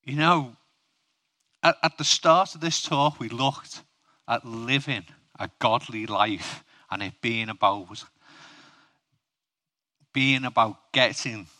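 A man's voice: medium pitch, takes it slowly, long pauses, sharp tone. A man preaching a humorous sermon, chatting with his audience and asking them questions.

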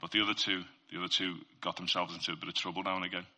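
Man, informal faith talk, earnest and conversational, somewhat low voice, very bright edge. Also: little pitch movement, very fast. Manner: earnest, conversational, addresses listeners directly. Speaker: Christian speaker sharing testimony.

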